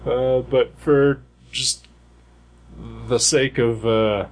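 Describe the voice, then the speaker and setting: A man's voice: medium pitch, fairly even intonation, extremely slow, background noise. A man co-hosting a casual podcast chat, rambling with many fillers and restarts. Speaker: podcast co-host.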